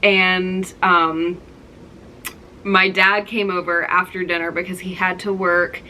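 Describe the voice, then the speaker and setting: A woman's voice: lowish voice, little pitch movement, slow pace, sharp tone, a little hiss or hum. A young woman telling a casual story time to her viewers, chatty and full of likes and ums. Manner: chatty, many fillers and likes. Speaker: vlogger.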